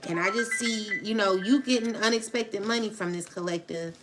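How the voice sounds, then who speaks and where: Over background music, a tarot reader with a mid-range voice chats casually with her viewers at a moderate pace, laughing and teasing them as she goes.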